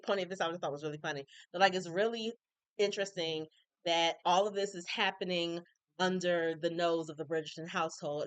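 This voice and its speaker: A woman recapping a TV episode in casual chat, opinionated and animated, acting out characters' lines with colloquial asides. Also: on the low side, no echo. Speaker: recap reviewer.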